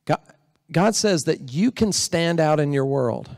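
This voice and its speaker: This pastor's voice sits fairly high, with lively intonation, a slightly slow pace, and a darkish tone. He preaches conversationally in a church sanctuary, asking the congregation questions, captured in a dry, clean studio recording.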